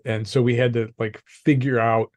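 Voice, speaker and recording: An older man, a guest on an interview show, calmly telling a personal story and laughing often. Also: medium pitch, no echo. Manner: calm, measured, laughs often. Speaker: podcast guest, executive coach.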